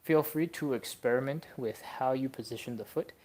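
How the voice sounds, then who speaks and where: A young adult stretching instructor leading a live class, coaching casually and counting reps between breathy exhales. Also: mid-range voice, normal speed, warm tone.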